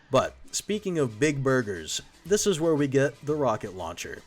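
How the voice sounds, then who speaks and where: Crude, jokey young man, slow drawl. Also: medium pitch. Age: young adult. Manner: crude, profane and irreverent; jokey, laughs at his own gags. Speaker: video essay host. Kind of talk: comedic gameplay commentary voice-over.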